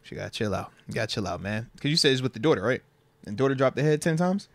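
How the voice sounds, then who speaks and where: A man in his thirties hosting a podcast in loose casual chat, animated and full of slang. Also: mid-range voice, quick pace, gravelly, no echo. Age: 30s. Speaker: podcast host.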